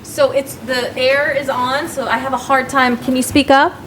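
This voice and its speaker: A woman judge running a bond hearing in a courtroom, brisk and formal. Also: sits high, level tone, noisy background. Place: courtroom with loud air vent.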